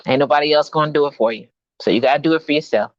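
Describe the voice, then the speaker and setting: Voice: mid-range voice, very fast, no room sound. Podcast guest with dull, dry sound. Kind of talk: casual chat.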